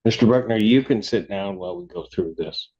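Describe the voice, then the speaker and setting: A man serves as judge at an arraignment, reading the charges in a formal, measured way and patiently repeating his questions. His voice sits on the low side. The courtroom sound is muffled and dull. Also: a little mellow.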